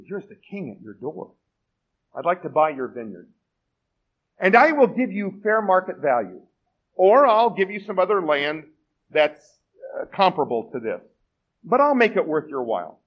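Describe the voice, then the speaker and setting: Pastor doing a sulky spoiled king, kinda whiny, lively voice. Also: sits high, normal speed, long pauses, muffled recording. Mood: smug. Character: smug, sulky ancient male king.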